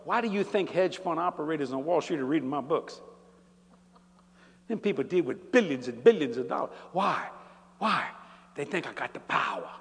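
An older man preaching a sermon in a large church, animated and folksy, building from easy talk to shouts. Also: medium pitch, in a large hall.

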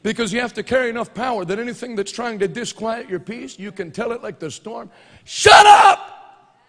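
A man preaching a fervent sermon, moving between quiet storytelling and loud, rousing declarations. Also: very high voice, fast talker. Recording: church hall reverb.

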